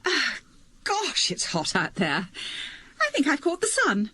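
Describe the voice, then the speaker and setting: A woman's voice: sits high, wildly swooping pitch, a little slow, bright, forceful tone, dry recording, exaggerated voice. An actress playing a neurotic, scatterbrained older mother in a radio comedy, with a fluttery, dotty delivery.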